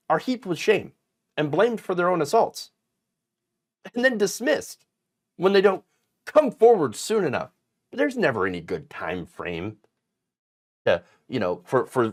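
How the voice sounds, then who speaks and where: Indignant male political commentator, very lively pitch. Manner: indignant, emphatic, frequent fillers and restarts.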